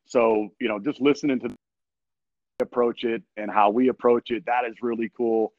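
A man's voice: medium pitch, fairly even intonation, normal speed, dry recording. A man guest on a podcast, telling a story energetically in laid-back slang with frequent restarts. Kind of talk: animated storytelling. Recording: dull, dry lo-fi sound.

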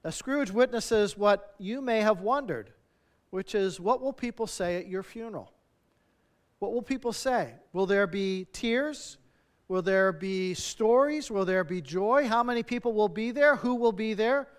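A male pastor delivering a sermon in a high, smooth and clear voice. He speaks earnestly and stacks up rhetorical questions, letting his phrase endings fall soft. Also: unhurried.

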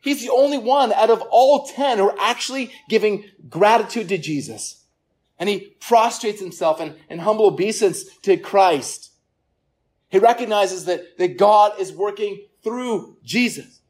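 A pastor preaching a sermon to a gathered congregation. The delivery is earnest, often repeats words, and falls quiet for emphasis. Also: medium pitch, measured pace. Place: church service room with listeners.

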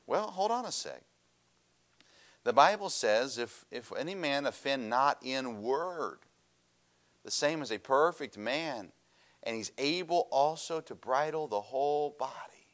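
A middle-aged man preaching a sermon, animated and storytelling, swinging from loud emphasis to quiet asides. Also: mid-range voice, a little slow.

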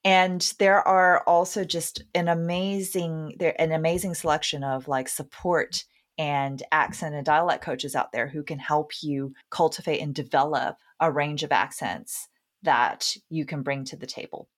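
A woman's voice: sits low, steady tone, unhurried. A woman talent agent answering questions frankly and upbeat in a casual panel chat. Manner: frank, upbeat, laughs easily.

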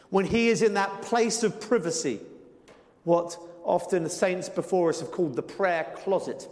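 A male pastor preaching a sermon, earnest, slowing and quickening his pace for emphasis and sometimes putting on playful voices for quotes. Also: high voice, a little mellow. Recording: long reverb of a large hall.

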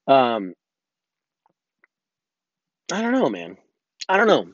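A man's voice: medium pitch, big pitch swings, moderate pace, pauses often, no room sound, highs cut off. A man hosting a podcast alone, talking candidly and in a rambling way, swearing often and restarting his sentences. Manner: candid, self-reflective. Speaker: podcast host. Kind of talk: casual solo podcast monologue.

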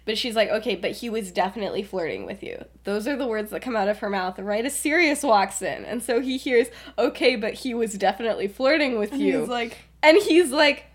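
A woman's voice: a little high, brisk, few pauses. A young woman co-hosting a podcast, casually retelling a fan story and acting out the characters' lines, often laughing. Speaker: podcast co-host.

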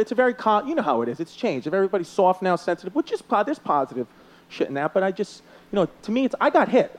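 A man with a New York accent doing profane, brash stand-up comedy and crowd work, laughing through his punchlines. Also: high voice. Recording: loud live crowd and noise. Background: loud crowd laughter.

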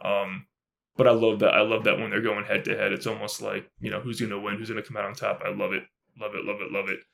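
A man co-hosting a podcast in casual chat, gushing and excitable, with lots of fillers and repeats. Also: lowish voice, quick pace, creaky, slight background noise. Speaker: podcast co-host.

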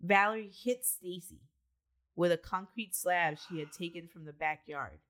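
A woman's voice: lowish voice, moderate pace, a bit bright. A woman co-hosting a podcast, recounting a true-crime case in a matter-of-fact way with casual asides. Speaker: podcast co-host telling the case.

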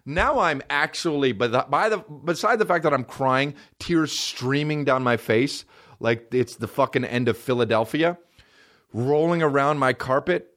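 A man in his thirties, a podcast host and comedian, telling a comic story in an excitable, profane way. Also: medium pitch, moderate pace.

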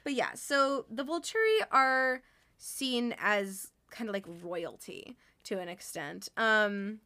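A woman from North America co-hosting a chat podcast. She has a bright, clear tone and talks in loose, rambling sentences full of fillers and laughs. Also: fairly high pitch, lively intonation, slow pace. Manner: chatty, laughing, filler-heavy. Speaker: podcast co-host. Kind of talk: casual chat.

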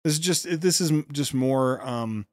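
A man hosting a podcast, giving sarcastic commentary on a played speech with quick asides and restarts. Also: mid-range voice. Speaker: podcast host.

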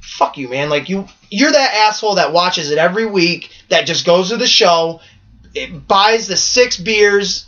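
A man co-hosting a podcast in casual wrestling chat, rambling and animated, swearing freely. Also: sits high, unhurried, muffled recording. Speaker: podcast co-host.

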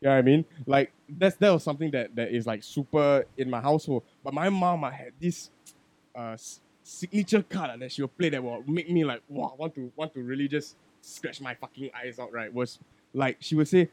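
A man, a podcast guest talking candidly and with plenty of swearing, moving from quiet reflection into loud, animated storytelling. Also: medium pitch, brisk. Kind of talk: casual podcast chat.

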